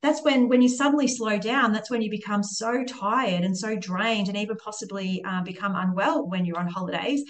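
A woman co-host joins the conversation with a personal account, speaking in a reflective, chatty way. Her voice is mid-pitched and plain. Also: moderate pace, hardly any pauses. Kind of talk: casual chat, personal story.

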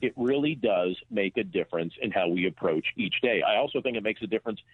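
A man's voice: on the low side, expressive, quick pace, slightly rough, dry recording. A man talking as an author guest in an earnest, reflective way, with small restarts. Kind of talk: phone interview. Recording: tinny phone line.

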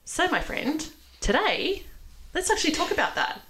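A woman's voice: very high voice, sing-song, moderate pace, fairly bright tone, poor audio. A woman hosting a casual interview chat, effusive and full of restarts and fillers. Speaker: podcast host.

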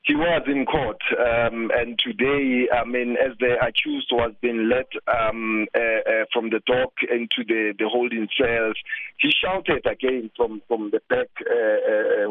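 A man reporting live for the news, halting with many fillers and repeated words. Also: mid-range voice, no echo. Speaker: field reporter. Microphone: phone. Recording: tinny phone line.

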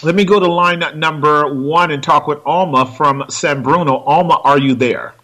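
A man's voice: a little high, steady tone, normal speed, fairly bright tone. A man, a pastor, hosting a radio call-in show, talking in long rambling stretches. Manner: rambling, many fillers and restarts.

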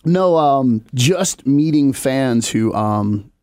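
A man's voice: medium pitch, animated, extremely slow, darkish tone, clean tone, no echo. A man co-hosting a podcast, chatting casually and telling joking stories with acted-out quotes. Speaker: podcast co-host. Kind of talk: casual chat.

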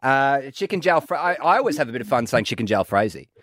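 A man hosting a radio show, bantering with mock outrage and deadpan wisecracks into a studio mic. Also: medium pitch, fast, no room sound. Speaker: radio host.

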